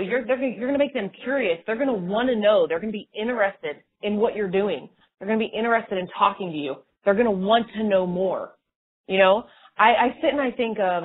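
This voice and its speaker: Woman sales trainer, upbeat and rambling, slightly husky, heard over a tinny phone line. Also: mid-range voice. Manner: energetic, rambling, casual. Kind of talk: motivational training call.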